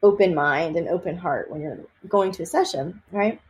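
A woman from Texas, a psychic medium, chatting in an interview and telling lively stories with many fillers and laughs. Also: lowish voice, normal speed, dull audio, a little hiss or hum. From Austin, Texas. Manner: animated storyteller, laughs often, many fillers. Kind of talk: casual interview chat.

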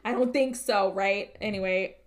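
A woman's voice: medium pitch, normal speed, a crowd in the background. A woman co-hosting a podcast, casually retelling a film's plot with lots of "like" and frequent swearing. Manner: swears freely, rambling retelling with many fillers. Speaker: podcast co-host. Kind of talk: casual movie recap.

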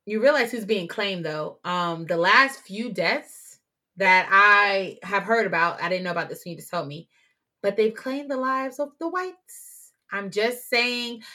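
A young adult woman co-hosting a casual podcast chat, blunt and animated as she tells stories. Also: medium pitch. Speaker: podcast co-host.

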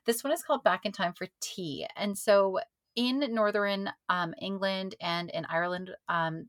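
A woman co-hosting a podcast in casual chat, talking in an animated way and acting out quotes in a loud voice. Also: medium pitch, moderate pace, dry recording. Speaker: podcast co-host.

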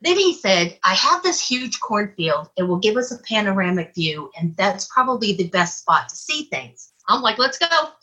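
A woman casually recounting a personal encounter as an investigator, animated and acting out her own reactions. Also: medium pitch, moderate pace, hardly any pauses, breathy edge, dull audio. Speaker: guest, UFO investigator. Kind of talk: casual storytelling.

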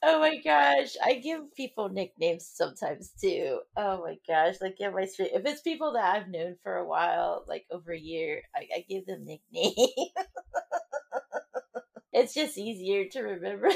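A woman who streams, chatting casually and telling animated stories with frequent giggles. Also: mid-range voice, measured pace, creaky. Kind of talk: casual chat.

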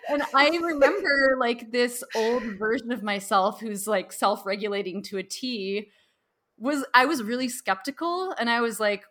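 A woman's voice: a little high, normal speed, fairly bright tone. A woman host chatting in a casual podcast conversation, telling a personal story with frequent laughs and fillers. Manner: chatty, laughs often, many "like"s.

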